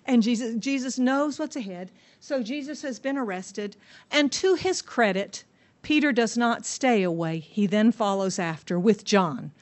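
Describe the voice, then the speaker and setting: A woman's voice: a little high, unhurried. Woman teaching a Bible story. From United States. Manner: lively storytelling, asks the audience questions.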